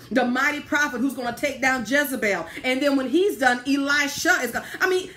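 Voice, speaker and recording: A woman with a Southern American accent preaches a sermon in a bright, high voice. She is animated, breaks into laughter, and acts out prayers as she goes. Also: a little hiss or hum. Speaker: pastor. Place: church sanctuary.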